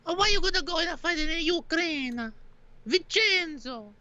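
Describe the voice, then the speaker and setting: Un hombre que imita a una madre italiana mayor, cariñosa, con un acento italiano exagerado y cómico, en un audio apagado. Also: male voice, extremely high pitch, lively intonation, normal speed, bright, forceful tone, no room sound, lo-fi sound, voice pushed up, exaggerated voice. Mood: fretful. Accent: put-on Italian. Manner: exaggerated comic voice. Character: doting old Italian mother.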